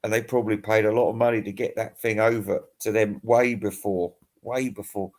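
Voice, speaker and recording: A man's voice: fairly low pitch, level tone, a little fast, darkish tone. Tired, profane man ranting. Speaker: music vlogger. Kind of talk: casual rambling monologue.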